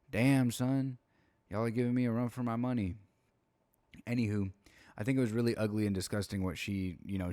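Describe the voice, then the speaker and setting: A man's voice: sits low, darkish tone, no room sound. A young man talking through a late-night commentary video at home, laid-back and slangy, tired and yawning between points. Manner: laid-back, slangy, rambling with frequent fillers. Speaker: commentary YouTuber.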